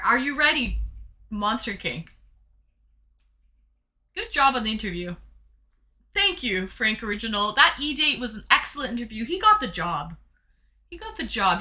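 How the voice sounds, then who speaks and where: Bubbly woman streamer, very bright and lively, effusive casual chat. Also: on the high side, moderate pace, pauses often. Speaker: streamer hosting viewer dates.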